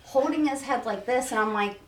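A woman's voice: on the high side, a little fast. A woman guest on a podcast, telling an anecdote in casual chat, full of "like" and swearing. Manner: animated storytelling, heavy on filler "like" and swearing. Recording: echoey room, far from mic, chatter behind.

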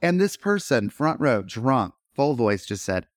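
A middle-aged man, an actor and podcast guest, telling stories in animated, rambling chat full of fillers and restarts. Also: mid-range voice, a little slow, no room sound, studio quality. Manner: animated, lots of fillers and self-interruptions. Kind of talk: casual storytelling chat.

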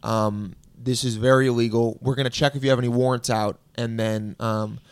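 A man casually telling a story on a podcast, laid-back and deadpan, quoting people in a flat, low voice. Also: moderate pace, clean tone, no room sound.

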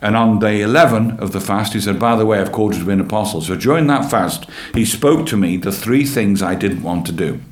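A man with a fairly low voice tells his story of faith in a guest interview, earnest and animated, circling back over his own words as he goes. The room around him adds a noticeable echo. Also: a little fast, hardly any pauses. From England. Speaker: church leader and guest. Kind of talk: personal testimony in an interview. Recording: roomy echo.

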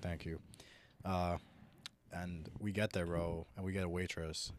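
A man's voice: sits low, flat delivery, unhurried, a little hiss or hum. A young man hosting a podcast, telling crude stories and joking around with his co-host. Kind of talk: casual podcast banter.

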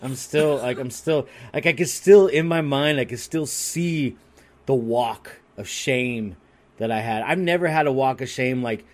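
A man telling a story on a podcast in a crude, rambling and animated way, restarting his sentences often. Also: medium pitch, a little slow. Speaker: podcast co-host. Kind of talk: casual comedic storytelling.

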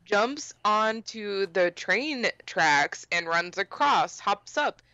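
A woman's voice: medium pitch, animated, takes it slowly, sharp tone, smooth, no echo, muffled recording. A woman co-hosting a podcast, chatting about a film in an enthusiastic way and laughing easily. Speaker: podcast co-host. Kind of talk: casual film discussion.

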